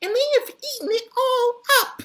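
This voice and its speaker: A woman voicing a tiny young male bear cub in a storybook reading, squeaky and shrill. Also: moderate pace, a bit bright. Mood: whiny.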